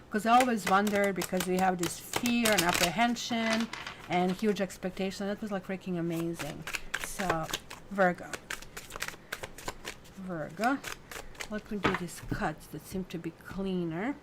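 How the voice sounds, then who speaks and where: A woman's voice: on the low side, slight background noise. A woman giving a casual weekly tarot reading, chatty and full of fillers, who stops to coo at her cat. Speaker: tarot reader.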